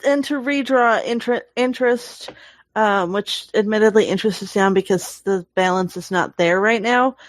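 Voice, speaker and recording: A woman's voice: medium pitch, moderate pace, no echo. A woman co-hosting a gaming podcast, chatting casually and explaining things with fillers and restarts. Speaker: podcast co-host.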